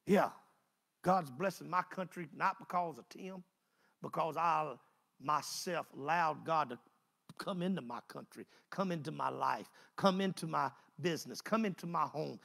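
A male preacher delivering an animated sermon, swinging between loud exclamations and low asides. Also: moderate pace, creaky.

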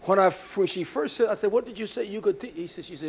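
Man preaching fiery sermon, slightly high voice. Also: quick pace, creaky, slight background noise. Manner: fiery, scolding preaching that drops to a quiet storytelling voice.

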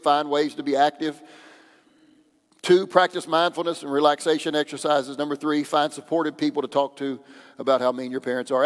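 A man preaching a sermon as pastor, in a conversational, joking way. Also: fairly high pitch. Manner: conversational, joking, acts out quoted voices. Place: church sanctuary. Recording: long church hall reverb.

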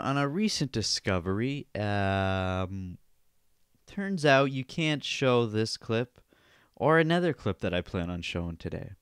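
A man's voice: medium pitch, clear, resonant tone, dry recording, clean studio sound. A young man hosting a solo podcast, ranting casually with plenty of swearing and sarcasm. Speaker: podcast host.

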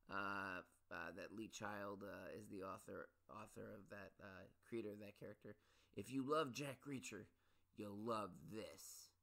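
A man's voice: lowish voice, creaky, fairly bright tone. A man hosting a solo podcast, ranting about his pet peeves in a rambling, restless way, with many restarts and sudden exasperated peaks. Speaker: podcast host.

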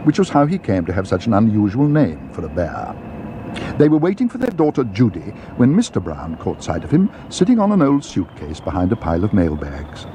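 A man narrating a children's story in a measured, gently expressive way. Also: fairly low pitch, a little hiss or hum.

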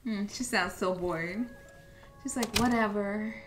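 A woman's voice: on the high side, expressive, measured pace, over music. A young woman giving chatty, casual commentary while playing a video game. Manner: chatty, reacts aloud to the game. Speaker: gameplay streamer. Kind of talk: casual let's-play commentary.

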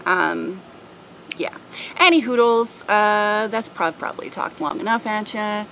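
A woman's voice: medium pitch, unhurried, vocal fry, a bit bright, slight background noise, poor audio. A young woman chatting casually to her viewers in a vlog, rambling with lots of fillers. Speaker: vlogger.

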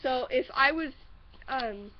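A woman's voice: sits high, takes it slowly, heavy background noise. A teenage girl with an Oklahoma accent rambling nervously through home advice, with lots of ums and giggles. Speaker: vlogger. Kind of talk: casual vlog advice. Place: at home upstairs. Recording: dull lo-fi webcam audio.

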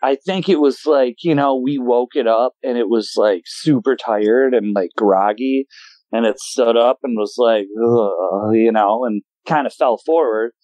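A man in his forties from Wisconsin, a guest telling his story in an animated, emotional way and acting out voices in sudden high bursts. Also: measured pace, dry recording, muffled recording. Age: 40s. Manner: emotional, voice shaking at times. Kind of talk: casual storytelling.

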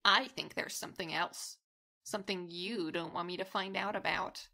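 A woman's voice: on the low side, fairly even intonation, moderate pace, pushed and bright. A woman playing a cocky young gamer who needles her rival with provocative taunts. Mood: taunting.

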